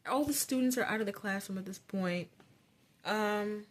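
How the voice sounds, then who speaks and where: A woman's voice: mid-range voice, moderate pace, noisy background. A woman vlogger telling a childhood story in a casual, chatty way, rambling with lots of fillers. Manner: chatty, rambling, many "like"s, grows animated.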